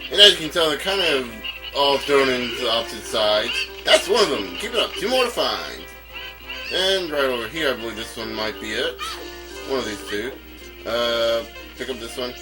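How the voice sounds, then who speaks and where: A North Carolina man hosts a let's play, rambling casually over game music as he stammers and chuckles often. His medium-pitched voice has lively intonation and a moderate pace, though the recording is rough.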